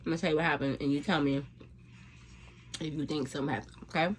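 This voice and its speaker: Talking fast in a low, fairly even voice, a woman mukbang vlogger rambles casually to her viewers between bites. Faint music plays behind her.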